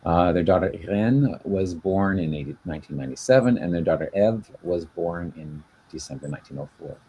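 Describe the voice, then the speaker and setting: A man's voice: deep voice, fairly quick, mellow, husky, muffled recording. A man co-hosting a casual video-call chat, explaining at length with many fillers and restarts. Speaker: genealogy show co-host.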